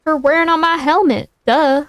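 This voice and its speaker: A chipper, folksy girl squirrel scientist who prattles on brightly, as a woman puts her on while reading a storybook. Her voice sits a little high and rings dry and close. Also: moderate pace, no room sound, natural voice. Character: spunky female squirrel scientist, chatty and folksy.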